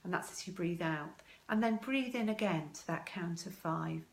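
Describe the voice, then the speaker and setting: A woman giving parents advice in a live video talk, calm, slow and measured, pausing with many ums as she guides a breathing exercise. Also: fairly low pitch, vocal fry. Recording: echoey room.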